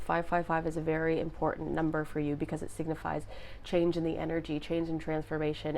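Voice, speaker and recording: Soft, lower-voiced woman reading tarot. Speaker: tarot reader. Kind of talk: intuitive tarot reading to viewers.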